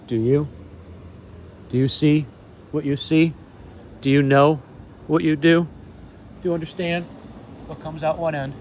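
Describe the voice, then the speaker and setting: A man delivering an impassioned monologue to camera, proclaiming slowly and emphatically, swinging between loud declarations and hushed asides. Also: medium pitch, slight background noise. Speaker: vlogger.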